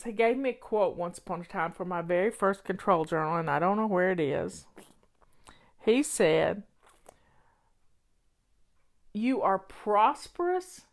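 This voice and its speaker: An older woman with a Southern American accent, hosting a casual, folksy live chat in a chatty, rambling way. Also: on the high side. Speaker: host.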